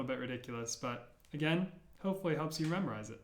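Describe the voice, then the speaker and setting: A man teaching the sounds of an alphabet, repeating each one slowly and clearly, with playful memory tricks. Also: medium pitch, expressive, roomy sound. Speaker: language teacher. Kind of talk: slow, deliberate pronunciation lesson.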